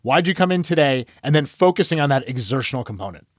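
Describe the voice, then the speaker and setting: A man's voice: mid-range voice, animated, quick pace, no echo, studio quality. A man, an emergency physician, telling a case story on a medical podcast and acting out the dialogue.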